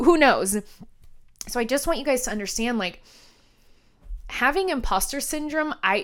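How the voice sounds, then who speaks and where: Frank, profane woman telling stories. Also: fairly high pitch. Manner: frank and profane, animated, laughs through stories. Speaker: podcast host, hair colorist and trainer. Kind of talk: candid personal storytelling.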